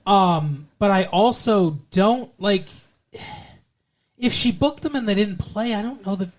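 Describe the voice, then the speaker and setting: A man's voice: high-pitched, unhurried. A man co-hosting a podcast, chatting casually about a TV episode, sarcastic and profane, breaking into sung lines and mock voices. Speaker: podcast co-host. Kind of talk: casual chat recapping a TV episode.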